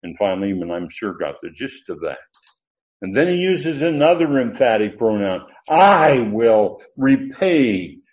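A man teaching a Bible study lecture, explaining Greek grammar with asides and self-corrections. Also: mid-range voice. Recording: dull lo-fi recording.

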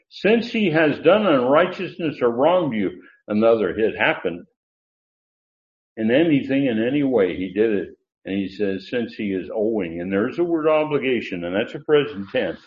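A man teaching a Bible study lecture, explaining Greek grammar with asides and self-corrections. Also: on the low side. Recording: dull lo-fi recording.

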